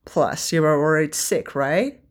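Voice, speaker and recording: A woman voicing a young prince who teases and commands in a slightly lowered, dry tone. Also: expressive, moderate pace. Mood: teasing prince.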